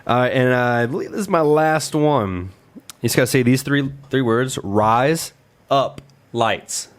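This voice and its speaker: A man co-hosting a podcast, asking quick questions in casual chat and laughing often. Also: mid-range voice. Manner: upbeat, chatty, laughs often. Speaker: podcast co-host asking rapid-fire questions.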